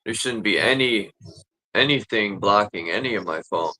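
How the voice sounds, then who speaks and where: Bright-voiced man in casual chat. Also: fairly low pitch, expressive, moderate pace, no echo. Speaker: host.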